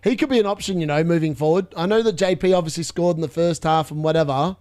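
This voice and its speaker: A young man hosting a live fantasy football watchalong, chatty and excitable as he reacts to scores. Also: fairly high pitch, quick pace, dry recording. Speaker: fantasy football livestream host.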